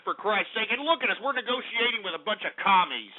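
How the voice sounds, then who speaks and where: A man's voice: high voice, animated, quick pace, hardly any pauses, slight background noise. A man hosting a call-in radio show, ranting angrily and cursing as he takes calls. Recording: narrow phone-like lo-fi radio.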